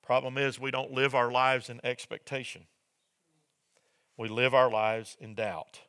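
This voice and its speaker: A man preaching a sermon as pastor, asking the congregation "Amen?" and building to shouted peaks. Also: medium pitch, flat delivery, measured pace, smooth. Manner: preaching with call-and-response "Amen?" and shouted climaxes.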